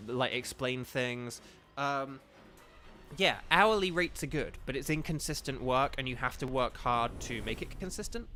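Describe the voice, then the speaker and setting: A man's voice: mid-range voice, a bit bright. A young man chatting casually on a live game stream, rambling with lots of fillers and apologies, speaking into a desk microphone at home.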